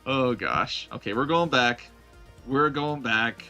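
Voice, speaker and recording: Faint music plays behind a young gamer whose mid-range voice is sharp and a little slow. While streaming, he banters playfully with viewers and laughs at his own blunders.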